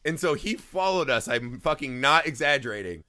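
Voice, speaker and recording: A man in his thirties from Indiana, co-hosting a podcast and telling a story in animated, profane casual chat. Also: medium pitch, normal speed, no echo, clean studio sound. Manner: animated storytelling, heavy swearing, laughing. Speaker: podcast co-host.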